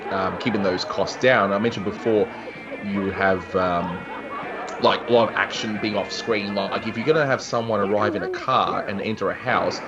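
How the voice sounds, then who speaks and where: A man's voice: on the low side, steady tone, moderate pace, music in the background. A man hosting a casual watch-along commentary, rambling and chuckling, with many fillers and restarts. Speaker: channel host. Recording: dull lo-fi audio with cartoon soundtrack behind.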